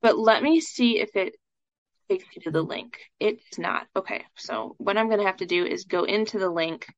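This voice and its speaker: At a normal speed and medium pitch, this woman talks a student through a live session as a scholarship coach, casual and chatty with plenty of "um" and "like." The sound is dull and lo-fi, with no room sound.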